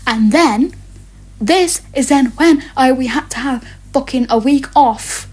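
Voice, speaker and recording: A teenage speaker with a fairly high voice, ranting through a storytime. The talk is loose and sweary, with lots of fillers and false starts. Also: measured pace, husky. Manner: rambling, sweary, hesitant with many fillers. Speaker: vlogger.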